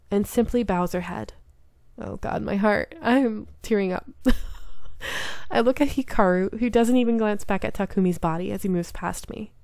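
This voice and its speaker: Gravelly-voiced woman reading a story game. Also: mid-range voice, a little mellow, no echo. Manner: earnest, emotionally invested reading. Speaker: game streamer.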